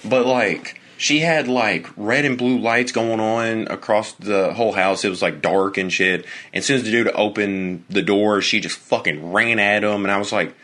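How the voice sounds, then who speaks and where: A man's voice: lowish voice, fairly even intonation, moderate pace, few pauses, fairly bright tone. A young man co-hosting a casual podcast, rambling and swearing as he acts out imagined exchanges. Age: young adult. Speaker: podcast co-host. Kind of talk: casual chat.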